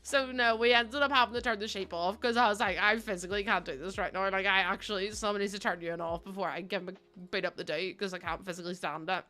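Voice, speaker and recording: A woman's voice: mid-range voice, steady tone, fast, few pauses, bright, forceful tone. A young woman with a Northern Irish accent, chatting casually and telling funny stories while streaming a building game, swearing and laughing often. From Northern Ireland.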